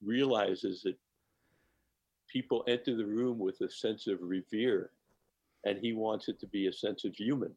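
Gravelly low-voiced older man. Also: a little slow, highs cut off. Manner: animated anecdotes, laughs between phrases. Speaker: podcast guest. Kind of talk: storytelling in a podcast interview.

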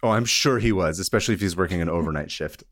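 A man co-hosting a podcast, telling a story in a casual, animated, joking way. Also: low-pitched, racing. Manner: animated, joking, drops into voices. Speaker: podcast co-host.

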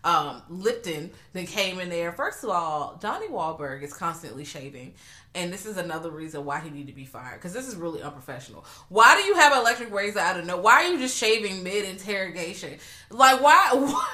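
A woman co-hosting a casual movie recap chat, animated, swearing freely and jumping high for quoted reactions. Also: a little fast. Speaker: podcast co-host.

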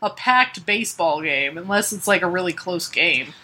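A woman's voice: fairly low pitch, animated, moderate pace, sharp tone. A woman in casual comic-book chat as a podcast co-host, wry and laughing as she retells plots.

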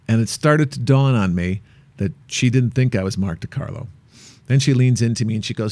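A man co-hosting a travel show, chatting casually and telling an animated, playful anecdote. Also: medium pitch, a little fast, no echo. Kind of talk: casual chat.

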